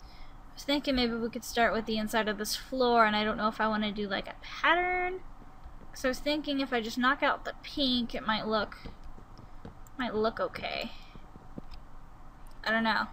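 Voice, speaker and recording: Bright-voiced young woman gaming. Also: a little high, moderate pace, long pauses, slight background noise, poor audio. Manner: chatty, musing aloud, sudden excited outbursts. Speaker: Let's Play gamer. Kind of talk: casual gameplay commentary.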